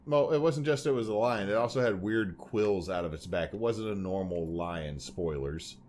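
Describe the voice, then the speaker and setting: Pitched fairly low and a little mellow, this co-host speaks at a moderate pace over slight background noise. He's a Louisiana man who rambles and jokes his way through a laid-back podcast conversation, slipping into silly voices along the way.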